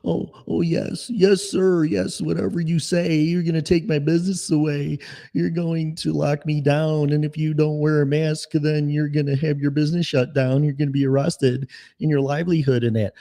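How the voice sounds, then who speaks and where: A man's voice: flat delivery, moderate pace, creaky, warm tone. A man putting on the voice of a meek, fawning adult man who bows to every order. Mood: groveling. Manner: high, whiny, submissive. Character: meek fawning American man bowing to authority.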